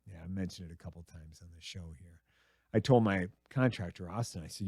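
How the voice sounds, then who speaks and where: A middle-aged man hosting a comedy radio show, rambling and crude with a self-mocking streak. His voice sits fairly low and sounds dry and close, with no room around it. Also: a little fast, darkish tone, breathy edge, no room sound. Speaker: radio host. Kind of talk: casual comedic monologue.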